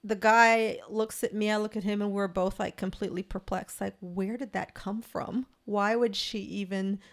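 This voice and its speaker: A woman's voice: medium pitch, steady tone, moderate pace. A woman from Belize, a guest author, telling a personal story in earnest with many restarts. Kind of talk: conversational interview.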